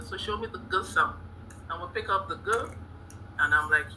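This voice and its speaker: A woman leads a phonics lesson in a very bright, ringing voice, cheering the class on and sounding out each letter. A faint hiss sits under the recording, as on a video call. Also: on the low side, normal speed, poor audio. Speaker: teacher trainee.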